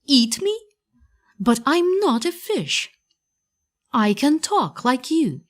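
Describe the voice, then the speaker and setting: A woman voicing a frightened little boy puppet in a high, pleading voice for a storybook reading. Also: very animated, takes it slowly, heavily acted.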